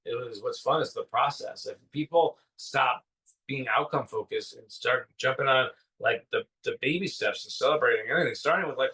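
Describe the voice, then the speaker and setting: A man's voice: mid-range voice, moderate pace, sharp tone. A man in his fifties, co-hosting a casual spiritual conversation, rambling with enthusiasm and full of fillers. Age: 50s. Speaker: podcast co-host. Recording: distant from the mic.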